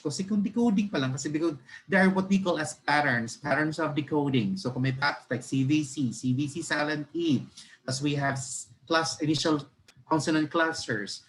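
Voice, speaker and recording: A man's voice: medium pitch, fairly bright tone, slight background noise, poor audio. Filipino man giving an online teacher lecture. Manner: switches freely between Tagalog and English, restarting words; polite, checks in with listeners often. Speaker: webinar speaker on reading instruction.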